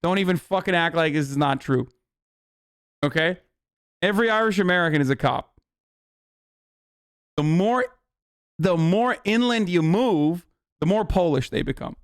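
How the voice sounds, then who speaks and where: A male streamer rambles through a reaction video, cracking profane jokes in casual chat. His voice is smooth and fairly high for a man. The sound is close and dry. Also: expressive, moderate pace, pauses often, no room sound. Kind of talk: casual livestream commentary.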